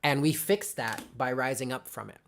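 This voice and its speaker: With vocal fry in a medium-pitched voice at normal speed, this tarot reader gives a casual live reading, musing aloud, welcoming viewers by name and often asking "okay?" There's slight background noise.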